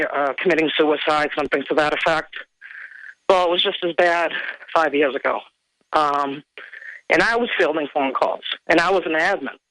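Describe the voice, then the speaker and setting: A woman calling in to a radio show, speaking hesitantly with many pauses and fillers. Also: deep voice, a bit bright, no echo, low-quality recording. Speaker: caller, former admin worker. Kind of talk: phone-in call.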